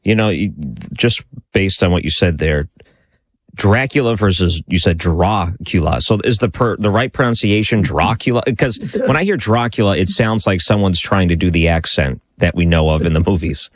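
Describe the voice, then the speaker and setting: Deep voiced guy asking questions, dry close sound, curious, casual. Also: a little fast, hardly any pauses, no room sound. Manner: curious, asks stacked follow-up questions. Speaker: interviewer.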